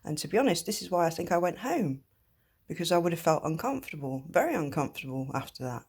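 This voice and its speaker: Woman, a bit low-pitched, personal vlog to one person, halting, lots of ums, blunt, swears. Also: big pitch swings, a little mellow, breathy edge. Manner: halting, with many ums and restarts. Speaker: vlogger.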